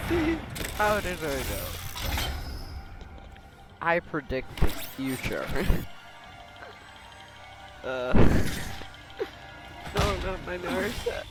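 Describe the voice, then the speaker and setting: A man giving casual, joking commentary while playing a card game, sarcastic and quick to laugh at himself. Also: fairly high pitch. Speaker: gaming video host.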